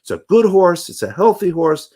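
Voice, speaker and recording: A man doing a brisk, persuasive innkeeper. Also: sits high, sing-song, dark tone, pitched above the performer's own voice. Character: eager innkeeper selling a horse.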